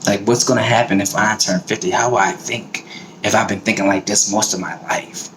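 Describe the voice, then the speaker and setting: A man's voice: fairly low pitch, fairly even intonation, fairly quick, fairly bright tone. A middle-aged man from the American South talking in a blunt, profane, fired-up casual monologue. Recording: roomy echo, faint background noise.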